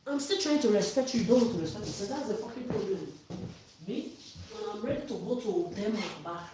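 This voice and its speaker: A woman's voice: medium pitch, lively intonation, brisk, dark tone, slight background noise. A woman vlogger delivering an angry, accusatory monologue, swearing and often raising her voice. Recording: echoey room, far from mic.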